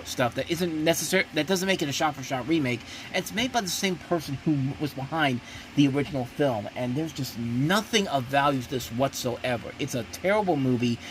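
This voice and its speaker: A man talks through a casual, unscripted movie review at a middle pitch. He is blunt and emphatic, stumbles and restarts often, and jumps up in pitch when he gets worked up. Faint noise sits under the recording. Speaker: host of a movie review show.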